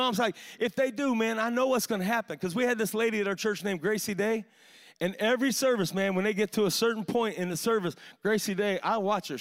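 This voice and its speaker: Male preacher, high bright voice, fiery sermon delivery, keeps saying "man". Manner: impassioned, storytelling with frequent "man" fillers. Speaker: pastor.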